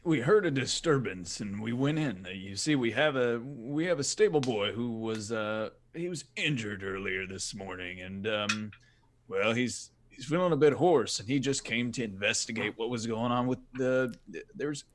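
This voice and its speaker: A man's voice: medium pitch, lively intonation, normal speed. A man playing his character in a tabletop game, stammering politely through hesitant, nervous answers. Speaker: player. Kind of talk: in-character tabletop role-play.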